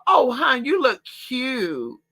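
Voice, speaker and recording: A man's voice: very high-pitched, wildly swooping pitch, takes it slowly, bright, forceful tone, pitched above the performer's own voice, full character voice. A man putting on a sugary, condescending woman who gives backhanded advice. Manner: sweet, condescending.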